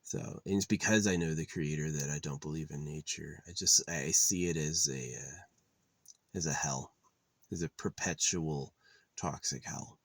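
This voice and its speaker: A man's voice: very deep voice, normal speed, dry recording. A man talking to camera in a meandering, profane monologue, full of fillers and restarts. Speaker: vlogger. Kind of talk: rambling casual monologue.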